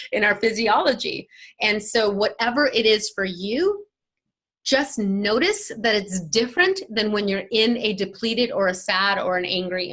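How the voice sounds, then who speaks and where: A woman's voice: a little high, a bit bright. A woman life coach talking in an interview, emphatic and motivational, often acting out quoted voices.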